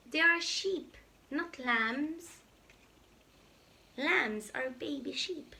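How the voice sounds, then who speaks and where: A Maltese woman reads a picture book aloud to young children, animated and playful as she speaks straight to them. Her high voice is creaky and unhurried, with long pauses.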